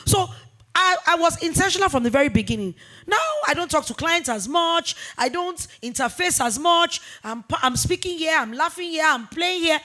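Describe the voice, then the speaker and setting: A woman in her forties, a business founder talking in a fireside chat interview, emphatic and animated, repeating points for weight. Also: very high-pitched, moderate pace. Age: 40s. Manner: emphatic, animated storytelling with repetitions.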